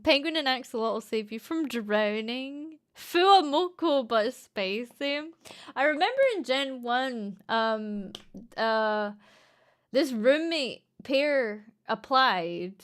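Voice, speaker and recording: A woman's voice: on the high side, a bit bright. A young woman with a Scottish accent chatting casually on a livestream, playful and giggly, swearing freely. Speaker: streamer.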